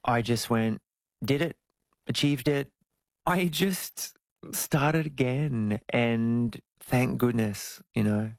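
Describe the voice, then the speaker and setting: A man, telling stories as an interview guest, jumping into high squeaky tones when he jokes. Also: slow, gravelly, no echo. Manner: animated storytelling, jumps to high squeals when joking. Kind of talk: casual interview chat.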